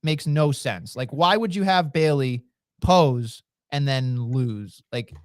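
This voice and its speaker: A man's voice: medium pitch, takes it slowly, no room sound, studio quality. A man co-hosting a podcast, talking in casual, joking banter and swearing freely. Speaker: podcast co-host.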